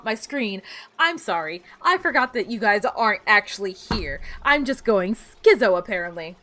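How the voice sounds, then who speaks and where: A woman's voice: mid-range voice, expressive, normal speed, a bit bright. A woman streaming a game, chatting casually, muttering to herself and breaking into playful outbursts.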